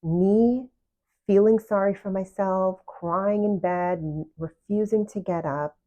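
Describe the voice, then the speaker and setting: A woman's voice: mid-range voice, slow pace, warm tone, muffled recording. A woman giving casual, earnest self-love advice, often asking the listener direct questions. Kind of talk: casual motivational talk to camera.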